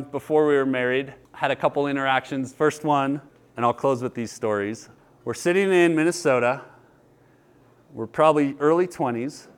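A man's voice: medium pitch, clean tone. A man in his thirties preaching a sermon, earnest and telling personal stories with laughter. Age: 30s. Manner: earnest, storytelling, lively with laughter. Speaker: pastor.

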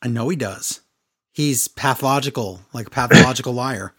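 A man's voice: medium pitch, moderate pace, a bit bright. Male podcast co-host, sarcastic and exasperated, casual recap delivery. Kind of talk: casual wrestling podcast chat.

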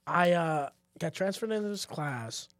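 A man's voice: on the high side, a little slow, dry recording, studio quality. A young man co-hosting a podcast, casually telling a story and acting out the people in it with swings in voice and a lot of swearing. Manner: animated storyteller, acts out quotes in shifting voices, swears. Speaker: podcast co-host.

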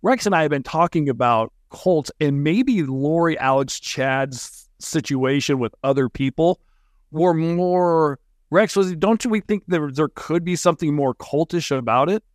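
A man's voice: fairly high pitch, expressive, a little slow, dry recording, clean studio sound. A man hosting a podcast interview, talking in an earnest, emphatic way. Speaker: podcast host.

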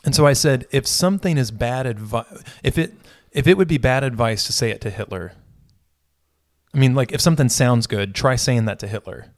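A man's voice: mid-range voice, a little fast, dry recording, studio quality. A man who is a pastor, in a casual conversation about faith, thinking aloud and often correcting himself.

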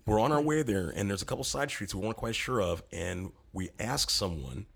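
A guest on a talk show, a man, recounts his past with lots of swing in his pitch. His voice is low, gravelly and a bit husky. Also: lively intonation, fairly quick. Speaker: musician guest. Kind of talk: casual storytelling.

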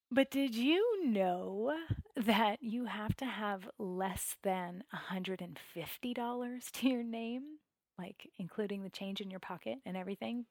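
A woman guest telling a personal story candidly and emotionally, with many "like" and "you know" fillers and swings between hushed and loud passages. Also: medium pitch, creaky, no echo. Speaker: podcast guest.

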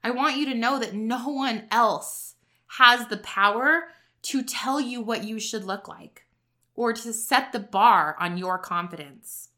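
A woman's voice: fairly high pitch, a little slow, sharp tone. A woman in her thirties hosting a podcast, speaking in an earnest, emotional personal monologue, at times choking back tears. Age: 30s. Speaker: podcast host.

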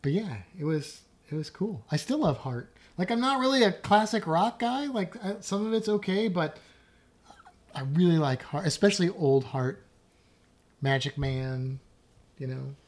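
Low-voiced chatty woman. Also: expressive, normal speed, darkish tone. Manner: chatty, self-deprecating, rambling. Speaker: podcast co-host. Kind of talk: casual chat.

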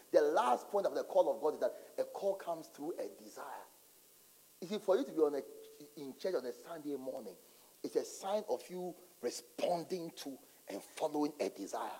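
A man's voice: fairly high pitch, normal speed. A man preaching a sermon as a pastor, telling stories dramatically and acting out voices. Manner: animated, dramatic storytelling with acted-out asides. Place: large church hall. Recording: long hall reverb in church.

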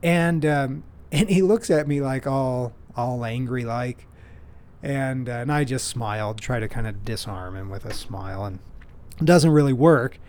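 Man, podcast host, chatty, rambling, restarts a lot, self-mocking, mid-pitched voice. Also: measured pace, a little mellow, a little hiss or hum. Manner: playful self-deprecating humor. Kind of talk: casual solo storytelling.

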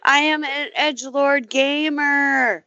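A woman's voice: high voice, steady tone, slow, sharp tone, dry recording, muffled recording. A woman guesting on a podcast in casual chat, brash and laughing easily.

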